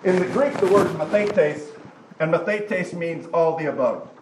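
Animated high-voiced man teaching in an echoey room. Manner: animated, conversational, acts out quick voices of others. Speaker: Bible class teacher. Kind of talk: teaching a Bible class. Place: class room in front of a group. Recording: echoey room with background noise.

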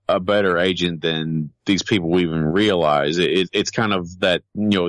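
A man's voice: low-pitched, fairly bright tone, no echo. A man co-hosting a podcast, thinking aloud hesitantly in casual chat. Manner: thoughtful, hesitant, repeats words.

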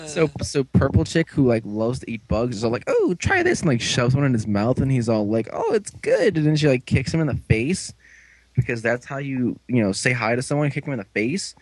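A man casually recapping a show, rambling along and jumping into quick put-on voices for the characters. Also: medium pitch, darkish tone, slightly rough, no room sound, rough recording.

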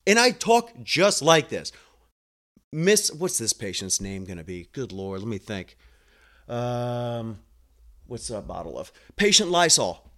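A man working in home health care telling a work story in a blunt, animated way and acting out the dialogue. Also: mid-range voice, moderate pace. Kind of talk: casual storytelling monologue.

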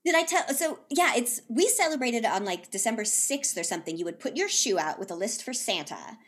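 A woman's voice: on the high side, expressive, fairly quick. A woman co-hosting a podcast in casual chat, jokey and swearing casually. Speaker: podcast co-host.

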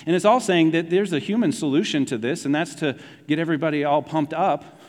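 A man preaching a sermon in a conversational, animated way, dropping his voice low to stress key points. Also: brisk, long reverb tail. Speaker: pastor.

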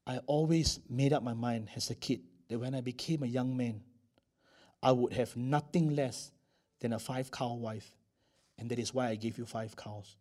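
A man's voice: medium pitch, normal speed, voice pushed down, lightly acted. A man voicing a wealthy young husband who speaks steadily and plainly. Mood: resolute. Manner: steady, matter-of-fact. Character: calm, wealthy young husband, firm and sure.

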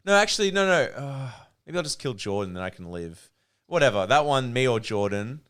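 A man's voice: medium pitch, big pitch swings, brisk, a bit bright, smooth. A young man, chatting casually on a podcast, swearing freely and laughing often. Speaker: podcast co-host.

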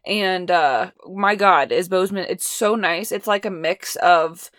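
A woman's voice: lowish voice, measured pace, a bit bright, no echo, clean studio sound. A young woman from Indiana with a light Midwestern accent, hosting a casual solo podcast, rambling and chatty with lots of fillers, a bit tipsy from wine. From Indiana, USA. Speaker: podcast host.

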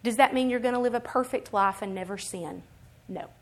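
A woman preaching a sermon in an animated, emphatic way, swinging between quiet explanation and loud, rising declarations. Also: a little high, a little fast. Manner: acts out other people's voices in quotes.

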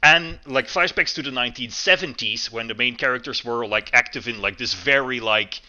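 A man's voice: moderate pace, highs cut off. A man co-hosting a podcast, talking in a loose, rambling way with lots of fillers and restarts. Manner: rambling, many fillers and restarts, lively swings in pitch. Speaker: podcast co-host. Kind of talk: casual chat.

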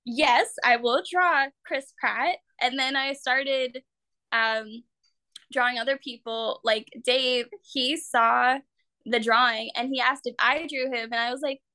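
Talk casually as a young woman guest, bright tone, lots of "like", a dry close mic. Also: fairly even intonation, measured pace, smooth, dry recording. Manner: chatty, full of "like" fillers, acts out quotes in high voices. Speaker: guest, actor and artist.

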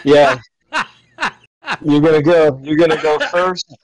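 A man's voice: fairly high pitch, steady tone, takes it slowly, crowd noise, low-quality recording. A man hosting a casual podcast chat, rambling with frequent restarts. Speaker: podcast host.

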